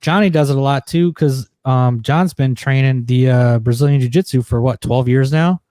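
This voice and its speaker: A man's voice: medium pitch, moderate pace, mellow, no echo. A man co-hosting a podcast, telling stories in a rambling way with lots of filler words and casual swearing. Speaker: podcast co-host. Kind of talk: casual chat.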